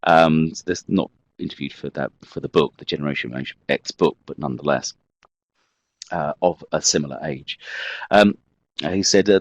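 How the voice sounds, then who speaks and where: A man's voice: a bass voice, normal speed, no echo, rough recording. A man giving a history lecture, discursive, with wry self-mocking asides.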